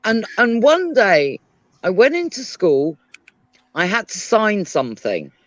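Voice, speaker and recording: Lively British woman telling stories. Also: mid-range voice, takes it slowly, no echo. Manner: animated storyteller, lively voice. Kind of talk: casual chat. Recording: dry, dull lo-fi stream audio.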